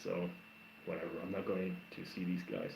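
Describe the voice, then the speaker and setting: A man livestreaming from home reacts to music and answers comments in casual chat, his voice low, gravelly and moderately paced. He rambles as an animated storyteller who keeps restarting, and the stream audio is roomy and somewhat dull.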